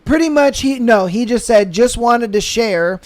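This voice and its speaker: A man co-hosting a podcast, telling a profane story in a casual, animated way with lots of fillers. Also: extremely high pitch, measured pace. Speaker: podcast co-host. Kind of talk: casual chat.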